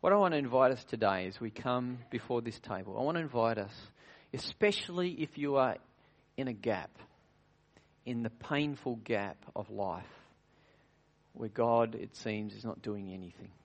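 A pastor earnestly preaches a communion sermon in a mid-range voice at normal speed, captured on a muffled recording. His loudness varies widely, sometimes dropping to a near-whisper, and he often restarts and asks rhetorical questions.

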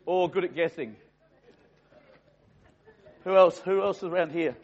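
A man's voice: high voice, unhurried, a little mellow. An Australian man running a playful quiz for a room of people, teasing and chatting with them as he goes. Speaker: quiz host for a live group. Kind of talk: playful quizmaster banter. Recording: muffled lo-fi recording.

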